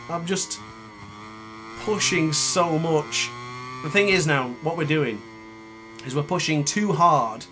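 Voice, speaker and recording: A man's voice: on the high side, lively intonation, slow pace, long pauses, over music. A man giving live commentary on a racing game, muttering and scolding himself often. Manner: frustrated, muttering, self-critical. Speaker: gaming YouTuber. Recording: game engine noise behind voice. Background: motorbike game sounds.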